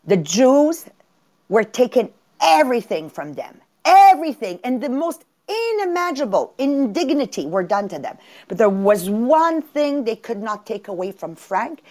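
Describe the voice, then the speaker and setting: A woman whose French first language shows, hosting a motivational podcast. She talks in a higher voice that swings widely up and down. She tells stories with lots of energy and repeats her words. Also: normal speed. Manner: storytelling, animated, repeats words. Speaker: podcast co-host. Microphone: remote call.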